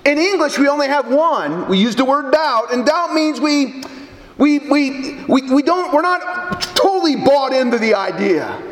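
A pastor with a strikingly high voice delivers an animated sermon, tripping over his words and restarting often. His voice rings through a church with a long, roomy echo. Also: unhurried. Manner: animated preaching with stammered restarts. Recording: echoey church hall.

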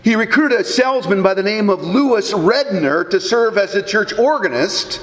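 A man's voice: high voice, expressive, normal speed. A man, a Lutheran pastor, preaching a sermon and telling stories in a conversational way. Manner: storytelling, conversational with occasional restarts. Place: church sanctuary. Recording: echoey hall with long reverb.

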